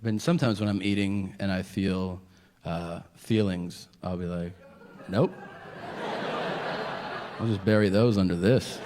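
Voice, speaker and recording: A man's voice: low voice, steady tone, moderate pace, heavy background noise. A male stand-up comedian doing a crude, self-deprecating set and acting out conversations, recorded live on a club stage with audience laughter behind.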